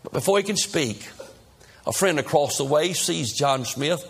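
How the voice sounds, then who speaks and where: A man's voice: fairly high pitch, expressive, moderate pace, slightly rough. A man preaching a sermon as a dramatic, repetitive story.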